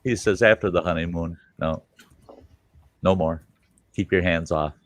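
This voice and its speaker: A man's voice: low-pitched, a little slow, no room sound. A middle-aged man, hosting a livestream chat and telling a long story, acting out the voices and swearing freely. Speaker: livestream host.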